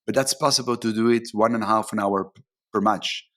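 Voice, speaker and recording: Low-voiced man explaining earnestly. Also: fairly even intonation, a little fast, fairly bright tone. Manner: earnest, explanatory, acts out quoted reactions. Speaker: communication coach and football referee. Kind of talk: conversational interview.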